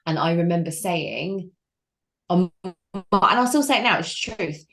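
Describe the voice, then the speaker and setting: Woman telling a painful story, low-voiced. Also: expressive, measured pace, gravelly. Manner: raw, emotional, frank with dry humour. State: crying at times. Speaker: interview guest. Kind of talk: candid personal storytelling.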